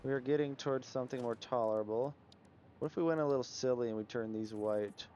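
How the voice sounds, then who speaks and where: A man's voice: medium pitch, quick pace, mellow, slight background noise. A man livestreaming a building game, thinking aloud in a musing, casual way as he tries out changes. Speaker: gaming livestreamer. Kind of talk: casual gameplay commentary.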